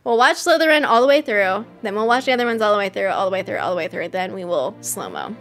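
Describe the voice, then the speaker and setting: A woman hosting a live stream, reacting excitedly to a game trailer, gushing and laughing often. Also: a little high, rapid-fire, faint music behind. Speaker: host.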